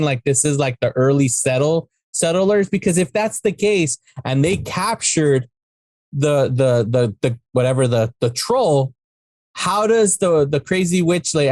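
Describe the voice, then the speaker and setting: Casual podcast co-host, male, higher voice, loose and profane, dry sound. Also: normal speed, darkish tone, no room sound. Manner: rambling, profane, acts out scenes. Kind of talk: casual movie discussion.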